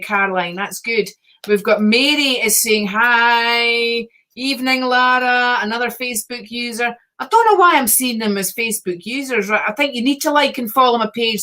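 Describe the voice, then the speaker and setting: A chatty woman hosts a casual livestream, greeting viewers one by one and laughing as she goes. Her voice sits a little high for a woman and moves between bright greetings and quieter asides. She talks like a psychic reader settling in before a session of card readings.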